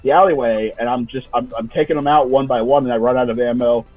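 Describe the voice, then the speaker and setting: A man telling a story in a halting, casual way, repeating words as he goes. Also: medium pitch, fairly even intonation, phone-quality sound, faint music behind.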